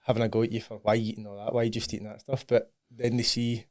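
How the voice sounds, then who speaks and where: A man's voice: on the low side, flat delivery, quick pace, dry recording, clean studio sound. A Scottish man, a guest on a fitness podcast, talking candidly in casual chat and laughing often. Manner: candid, laughs often, says aye and right. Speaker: podcast guest, bodybuilding client.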